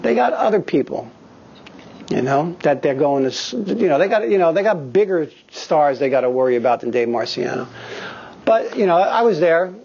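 Fifty-something guy telling blunt swear-y stories at an acting studio, voice a bit high, kinda muffled recording. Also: normal speed, creaky, husky. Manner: profane, animated storyteller. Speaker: guest actor speaking to acting students. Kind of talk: candid anecdotal talk. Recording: slightly dull lo-fi recording.

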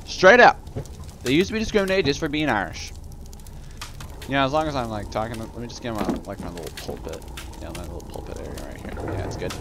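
A man's voice: medium pitch, animated, fast, noisy background. A young man ranting and rambling while commentating on his video game play. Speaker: let's play gamer. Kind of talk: casual gameplay commentary.

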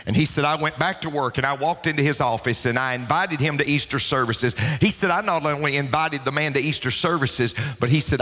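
A man preaching a sermon as pastor, emphatic and rising to shouts, repeating key lines for emphasis. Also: medium pitch. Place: church sanctuary. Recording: long reverb of a church hall.

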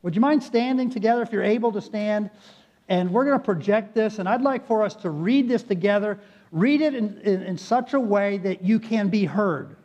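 A man's voice: high-pitched, normal speed, a little mellow, dull audio. A man preaching a sermon as pastor, speaking earnestly and appealing directly to his congregation in a church sanctuary.

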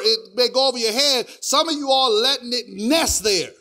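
A middle-aged male pastor preaching a sermon, filling it with "praise God" and "hear me," swinging between hushed asides and loud sung preaching. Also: very high voice, moderate pace.

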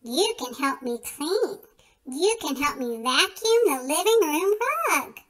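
Patient storybook mom, gentle and reassuring, high and bright, read by a woman. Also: big pitch swings, slow, heavily acted. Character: patient kind mother.

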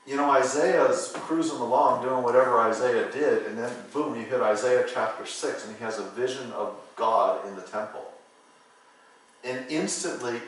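A man's voice: fairly low pitch, a bit bright, a little hiss or hum. A middle-aged man from California, a pastor preaching a sermon in a church, telling loose anecdotes with many "you know" fillers. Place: church sanctuary. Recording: roomy hall, voice from far off the mic.

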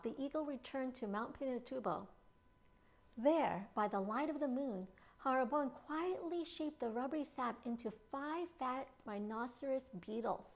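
Woman reading a picture book aloud. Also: high-pitched. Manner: expressive, playful reading with lively sound effects. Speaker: children's librarian. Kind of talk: storybook read-aloud for children.

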